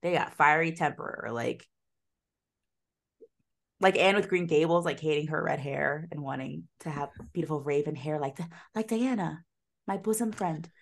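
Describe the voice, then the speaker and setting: Low-voiced woman in casual recap chat. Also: expressive, normal speed, gravelly. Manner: swearing, laughing, filler-heavy. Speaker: podcast co-host.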